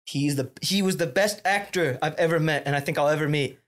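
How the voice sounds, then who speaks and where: Excitable young man telling a story fast. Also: a little high. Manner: excitable, profane, jumps between asides. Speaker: podcast storyteller. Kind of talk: casual storytelling chat.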